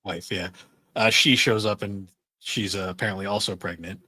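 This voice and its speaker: A man with a lowish voice co-hosts a podcast in loose, relaxed chat. He rambles through plenty of fillers and laughs often, and the recording sounds dry and close. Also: moderate pace, no echo. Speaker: podcast co-host. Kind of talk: casual chat.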